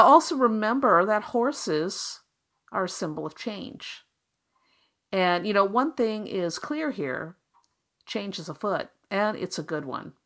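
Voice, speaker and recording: A woman's voice: mid-range voice, a bit bright. A woman hosting a solo tarot podcast, talking in an upbeat, encouraging, conversational way. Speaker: podcast host, tarot reader.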